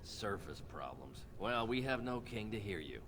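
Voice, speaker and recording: Deep, snarky dwarf commoner. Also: male voice, sing-song, moderate pace, fairly bright tone. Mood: dismissive. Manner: curt, sarcastic, dismissive. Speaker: game character. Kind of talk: video game dialogue. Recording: game audio with noise behind.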